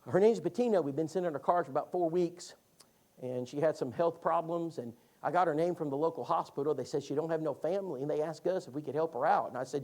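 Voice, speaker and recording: Animated man preaching a sermon class. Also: fast. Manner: animated storytelling with lively pitch swings.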